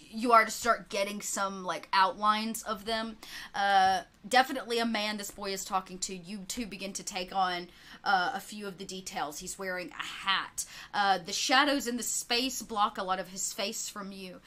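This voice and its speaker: A woman's voice: mid-range voice, fairly bright tone. Chatty woman game master narrating. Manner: chatty, with many fillers and restarts, quick asides.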